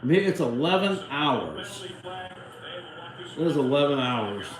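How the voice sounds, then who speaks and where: A middle-aged livestream host rambles through a casual watchalong, salty and swearing without restraint. His medium-pitched voice swings widely in pitch and moves unhurriedly. The audio sounds roomy, with background noise.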